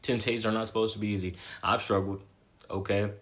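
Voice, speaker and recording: A man's voice: lowish voice, level tone, fast talker, a bit bright. A man giving a blunt, slangy motivational talk, repeating himself and tagging lines with "okay?". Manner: repetitive, emphatic, keeps adding "okay?". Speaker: motivational talker. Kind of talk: casual motivational monologue.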